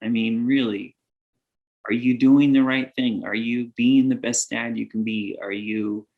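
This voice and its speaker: A man's voice: mid-range voice, steady tone, unhurried, narrow, tinny audio. A middle-aged man talking earnestly on a podcast as a guest, rambling with lots of fillers and laughing often as he talks. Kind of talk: casual podcast conversation.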